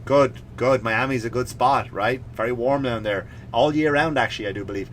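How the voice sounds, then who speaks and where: Bright-voiced sarcastic male comedian ranting. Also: medium pitch, moderate pace, hardly any pauses, a little hiss or hum. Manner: sarcastic, mock-serious asides. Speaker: comedian podcast host. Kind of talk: comedic rant.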